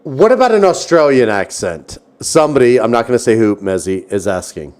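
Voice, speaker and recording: A man's voice: mid-range voice, very animated, fairly quick, a little mellow. A man hosting a gaming stream in casual chat, upbeat, thanking viewers and tossing out "yo" and "dude". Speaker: streamer host.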